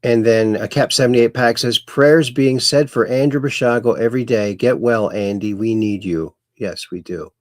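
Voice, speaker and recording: A man's voice: medium pitch, moderate pace, hardly any pauses, no room sound, studio quality. A man hosting a casual livestream, reading out viewer comments and chatting along in a rambling, folksy way that often repeats itself. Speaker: livestream host.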